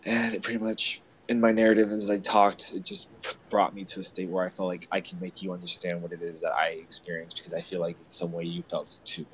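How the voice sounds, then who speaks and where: Tearful low-voiced man, halting. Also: level tone, a bit bright, slight background noise, low-quality recording. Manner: emotional, halting, confessional. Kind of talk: casual conversation.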